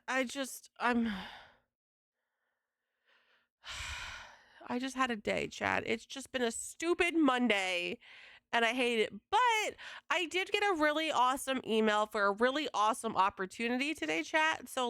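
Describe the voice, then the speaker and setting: A young woman livestreaming from home, venting to her chat in a casual, exasperated rant with swearing and quick retellings of conversations. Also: a little high, animated, sharp tone, clean tone, dry recording, studio quality. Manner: exasperated, swearing, quoting others in fast retelling. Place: home streaming setup.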